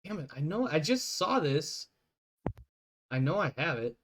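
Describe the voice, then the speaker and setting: A man's voice: on the high side, very animated, unhurried, a bit bright, slight background noise. A man narrating a tabletop game as game master, chatty and self-deprecating, laughing often.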